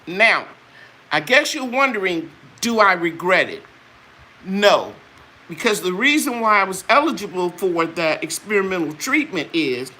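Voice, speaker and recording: Bright-voiced older woman hosting a live chat. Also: medium pitch. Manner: earnest, preachy, talks straight to viewers. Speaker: channel host selling her products. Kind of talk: live chat, testimony and product talk.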